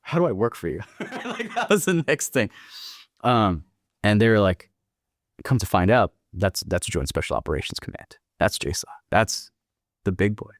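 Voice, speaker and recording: With a lowish voice full of big pitch swings, this young man speaks at normal speed in clean studio sound with no echo. He's a podcast guest casually recounting a war story, cursing and acting out the lines he quotes.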